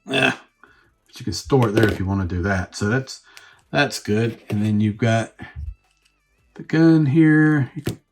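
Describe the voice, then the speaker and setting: A man's voice: lowish voice, unhurried, vocal fry, pauses often, soft background music. A man reviewing a toy on his own channel, rambling and thinking aloud as he fiddles with the figure. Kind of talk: casual unscripted review.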